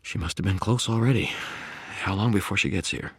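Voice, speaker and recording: A man reading the lines of a calm, loyal adult male friend in a fantasy audiobook. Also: low voice, brisk, breathy edge, no room sound, pitched above the performer's own voice, heavily acted. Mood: urgent.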